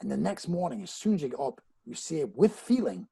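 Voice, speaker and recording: Man, hypnotist guest, fairly high voice, gravelly fry, dry close sound, lively storytelling. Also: fairly quick, dry recording, rough recording. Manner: animated storyteller who often restarts phrases and addresses the host directly. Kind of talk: storytelling anecdote in a podcast chat.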